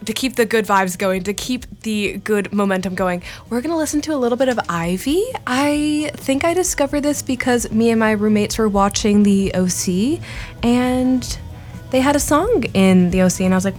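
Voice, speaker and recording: A woman's voice: mid-range voice, animated, normal speed, soft background music. A young woman hosting a college radio show, chatting casually on air in a rambling, self-deprecating way with many restarts. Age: young adult.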